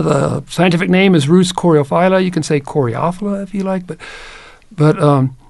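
A folksy man with a gravelly, somewhat high voice tells a wandering story in a playful tone, lingering on words he likes. The sound is close and dry, with no room around it. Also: darkish tone, dry recording. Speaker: host.

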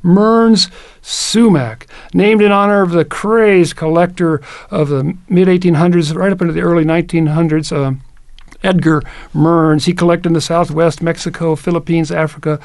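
A man's voice: a little high, steady tone, moderate pace, darkish tone, no room sound. A man hosting a show, telling a rambling, playful story in a folksy way and stretching out words he enjoys. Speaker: host.

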